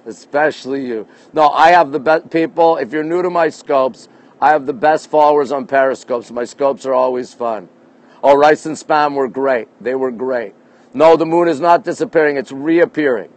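A Canadian livestream host speaks in a mid-range voice at normal speed while holding his phone outdoors on a rooftop deck at night. Upbeat, he chats through viewer comments and says hello to viewers by name.

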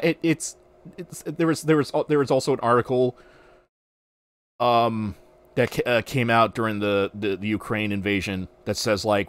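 A man's voice: mid-range voice, normal speed, dry recording. A man hosting a podcast, ranting casually with lots of swearing and restarts. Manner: animated, profane, ranting with restarts. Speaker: podcast host. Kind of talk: casual livestream rant.

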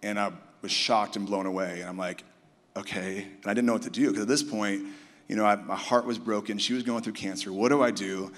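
Low-voiced man telling a testimony in a hall. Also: steady tone, fairly quick. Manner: earnest storytelling, voicing the people he quotes. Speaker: conference speaker sharing a testimony. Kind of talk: personal testimony on stage. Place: large conference hall. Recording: long hall reverb from a live conference.

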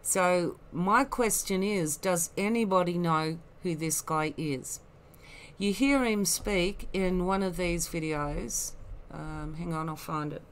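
Slow, scornful woman. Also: on the low side. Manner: slow, rambling and scornful, with many asides. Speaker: online commentator. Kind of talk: critical commentary.

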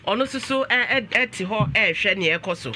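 A man's voice: high voice, animated, fast talker, bright, forceful tone, slight background noise. A man with a Ghanaian accent hosting a talk show, switching between English and Twi and exclaiming often.

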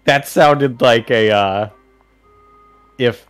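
A man's voice: medium pitch, extremely slow, over music. A man co-hosting a game livestream, teasing and joking in casual chat. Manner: playful, teasing. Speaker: co-host guest. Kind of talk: casual chat over gameplay.

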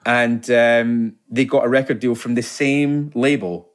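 A man, a guest telling stories in a casual podcast chat, lively and laughing often. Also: medium pitch, measured pace. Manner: animated storyteller, laughs often. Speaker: guest actor.

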